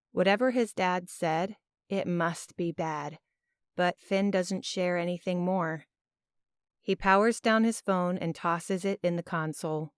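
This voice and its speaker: A woman narrating a first-person audiobook in an expressive, emotional storytelling manner. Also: fairly low pitch, clean tone, no echo. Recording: dry, close studio sound.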